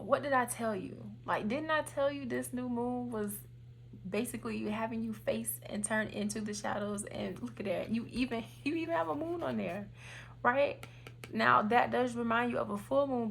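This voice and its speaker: Gravelly-voiced woman doing a tarot reading. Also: medium pitch, a little hiss or hum. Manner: meandering, searching for words, frequent fillers. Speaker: tarot reader.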